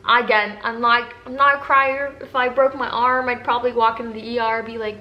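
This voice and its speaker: A woman's voice: on the high side, steady tone, fairly quick, hardly any pauses, lo-fi sound. A young adult woman candidly telling viewers a personal story in casual talk. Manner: candid, emotional, addresses viewers as guys. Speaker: vlogger telling her breastfeeding story. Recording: echoey room with faint background noise.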